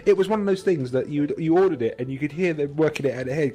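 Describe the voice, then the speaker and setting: A man's voice: on the high side, very fast, hardly any pauses, warm tone. An English man co-hosting a podcast, telling a rambling, sweary anecdote and acting out other people's voices. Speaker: podcast co-host. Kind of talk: casual storytelling chat.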